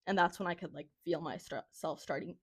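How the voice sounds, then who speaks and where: A woman's voice: on the low side, brisk, husky, no room sound. Young woman, podcast co-host, casual storytelling, rambling, lots of "like", dry close mic. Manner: rambling, heavy use of "like", laughs often.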